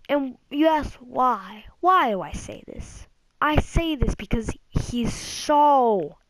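A woman's voice: high-pitched, no room sound, poor audio. A woman hosting her channel with a profane comedic rant, angry and crude, often stumbling over her words. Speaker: channel host ranting about a video series.

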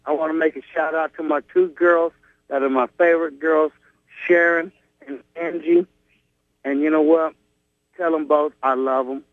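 Loud male caller on a tinny phone line. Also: a little high, steady tone, moderate pace, no room sound. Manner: loud, cheerful shout-out.

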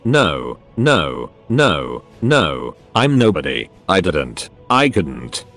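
A man's voice: on the low side, very animated, a little slow, faint music behind. A man doing a bitter, hateful gunman. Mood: whimpering. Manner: mumbling, whimpering then snarling.

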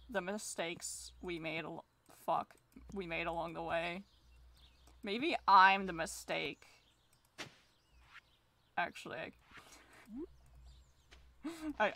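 A woman's voice: on the low side, fairly bright tone, slight background noise. A woman streaming a farming game, rambling in casual commentary, mocking herself and swearing freely.

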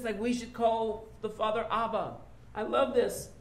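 A man preaching a sermon as a rabbi, teaching and reading quotations while swinging from loud to soft. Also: very high voice, level tone, normal speed, echoey room.

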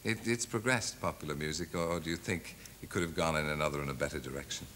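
A man's voice: very deep voice, quick pace, a bit bright, a little hiss or hum. A man hosting a TV chat show, interviewing a guest with leading questions.

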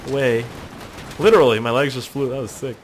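A young man casually commentating a video game, swearing often and joking loudly. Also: medium pitch, rapid-fire, slight background noise. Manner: profane, goofy, excitable. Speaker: gaming YouTuber. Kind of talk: casual let's-play commentary.

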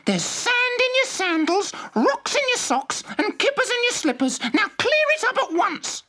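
A man doing a shrill, scolding sea-creature mother. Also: sing-song, moderate pace, bright, forceful tone, full character voice. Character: fussy mother sea creature, sharp-tongued.

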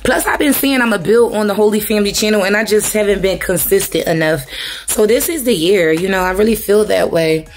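A woman's voice: medium pitch, fairly quick, a little hiss or hum. A woman, chatting casually to her viewers while vlogging at home, calling them y'all. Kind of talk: casual chat to camera.

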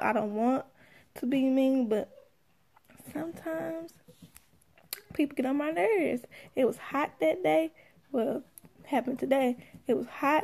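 Young woman, AAVE, high gravelly voice, sassy storyteller acting out quotes. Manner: animated, sassy, acts out quotes. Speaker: mother telling a story. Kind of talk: casual storytelling.

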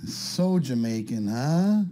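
Slow, halting man on a noisy line. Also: mid-range voice, very animated, dark tone. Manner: halting, feigned naive, stammers. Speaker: scambaiter caller. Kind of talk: prank phone call and commentary.

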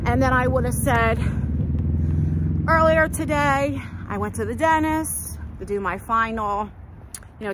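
A woman vlogs on her phone, first from a noisy car and then outdoors on a lakeside walk with a selfie stick, rambling and laughing at herself as she chats. Her voice sits on the high side with a slightly bright quality, and she's out of breath while walking.

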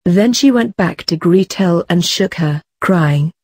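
Lady reading a kids' fairy tale, soft husky voice, dry close sound. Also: lowish voice, expressive, slow pace, no echo. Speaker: storyteller. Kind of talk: children's audiobook narration.

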